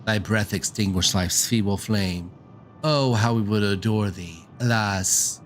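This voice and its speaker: A man's voice: fairly low pitch, unhurried, faint music behind, lightly acted. A man reading a solemn ancient dragon. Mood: mournful. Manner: solemn, archaic speech. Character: ancient, brooding, fatalistic dragon. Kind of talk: reading game dialogue aloud.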